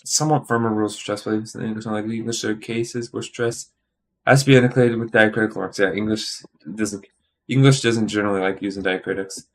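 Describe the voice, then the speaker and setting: A tired man studying on a stream, thinking aloud in a halting, muttering way and sounding out practice words. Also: lowish voice, fairly even intonation. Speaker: language learner streaming study.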